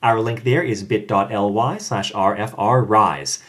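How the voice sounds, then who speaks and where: A man hosting a casual podcast chat, with dry, deadpan humor, reading out links and credits. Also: fairly low pitch, a little slow. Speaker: podcast host.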